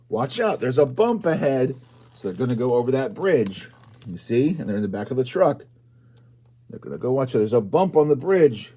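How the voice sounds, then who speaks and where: Lively man reading a storybook to kids. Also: medium pitch, breathy edge. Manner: animated, asks children questions, sudden loud exclamations. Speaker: librarian reading to children. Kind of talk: children's storytime read-aloud.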